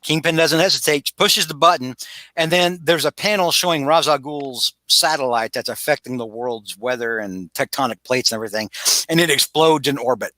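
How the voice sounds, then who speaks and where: A man co-hosting a casual podcast, retelling a story with animated energy, acting out lines, and stumbling through restarts. His voice is bright and forward. The sound is dry and close. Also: mid-range voice, normal speed, no echo. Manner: animated retelling with acted-out quotes and frequent restarts. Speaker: podcast co-host. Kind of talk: casual chat.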